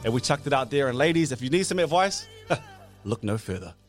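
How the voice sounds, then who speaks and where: A man's voice: medium pitch, lively intonation, fairly quick, faint music behind. A New man co-hosting a morning radio show, bantering playfully and hyping up listeners. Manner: playful, rhyming hype delivery.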